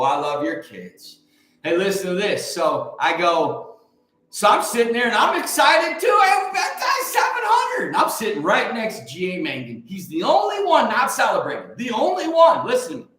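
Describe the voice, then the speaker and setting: Fervent high-voiced preacher, echoey. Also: male voice. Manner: swings from quiet asides to shouted revival fervor. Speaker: livestream host. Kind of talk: preacherly storytelling to a live chat.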